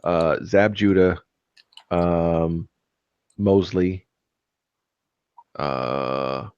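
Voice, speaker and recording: A man with a lowish voice chats casually on a live stream, stumbling through fillers and restarts. The sound is dry and dull, like a home computer mic. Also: very slow, a little mellow, smooth, no echo. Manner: rambling, hesitant, lots of fillers and restarts. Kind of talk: casual chat.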